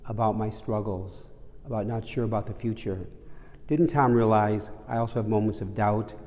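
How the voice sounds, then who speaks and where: Priest with a mellow voice in a cathedral. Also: male voice, fairly low pitch. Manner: warm storytelling, conversational. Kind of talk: sermon reflection. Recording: long reverb of a large cathedral.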